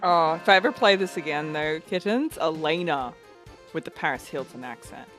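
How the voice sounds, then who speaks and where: A woman's voice: low voice, normal speed, fairly bright tone, faint music behind. A young woman chatting casually to her live-stream viewers while playing a game, reading chat aloud and laughing often. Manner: giggly, reads chat aloud, playful.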